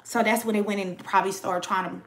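A woman's voice: mid-range voice, steady tone, quick pace, a little hiss or hum, low-quality recording. A young woman giving a casual tarot reading to her viewers, chatty and slangy, talking straight to the audience. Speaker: tarot reader.

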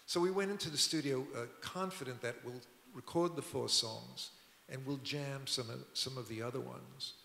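A man's voice: mid-range voice, normal speed, gravelly, bright, forceful tone. An older man, a record producer, telling rambling anecdotes at a public talk in a museum auditorium. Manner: rambling, conversational, frequent restarts. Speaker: record producer and musician, guest. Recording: echoey hall.

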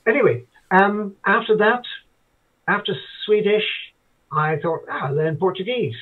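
A man's voice: sits high, measured pace. An older man from Ireland, a guest telling rambling stories in casual chat, with hesitant restarts. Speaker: guest interviewee. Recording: tinny phone-like line.

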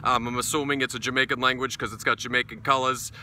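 A man's voice: medium pitch, little pitch movement, fast talker, bright, forceful tone, slight background noise. A middle-aged man from New England with a New England accent, reviewing a beer in a casual, blunt, profane and sarcastic way while sitting out in his backyard. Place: backyard outdoors.

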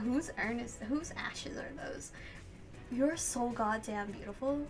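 A woman reading a visual novel aloud and reacting in an excitable, gushing way, swearing and laughing at the story. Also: a little high, slow, music in the background. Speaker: let's play host.

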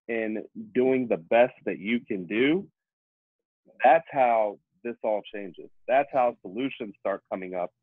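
A man's voice: mid-range voice, no echo. A man who is a personal trainer, a podcast guest talking emphatically in casual conversation and acting out examples in other people's voices. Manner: emphatic, repetitive, acts out examples. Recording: tinny phone-like line, dry.

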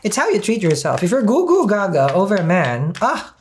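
Lively sassy woman reading tarot. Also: mid-range voice, a little fast, slight background noise. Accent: non-native English. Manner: animated, sassy, laughs often. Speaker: tarot reader.

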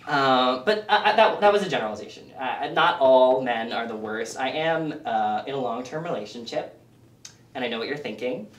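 A man performing a self-deprecating stand-up set with deadpan asides for a small audience in a living room. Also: mid-range voice, normal speed, echoey room, far from the mic. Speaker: stand-up comic.

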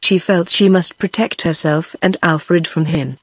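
A text-to-speech woman's voice with a British English accent, reading a novel aloud in a steady synthetic tone that stays the same for every character. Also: lowish voice, unhurried, few pauses, slightly rough, dry recording, rough recording. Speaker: audiobook narrator.

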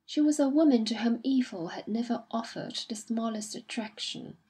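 Very breathy woman reading a story. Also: fairly high pitch, normal speed, warm tone, rough recording. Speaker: audiobook reader. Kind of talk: scripted narration.

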